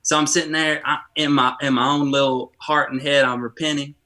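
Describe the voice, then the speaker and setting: A man co-hosting a church podcast, telling a childhood story in a lively, chatty way with many restarts. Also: fairly high pitch, a little fast. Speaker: podcast co-host. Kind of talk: casual storytelling chat.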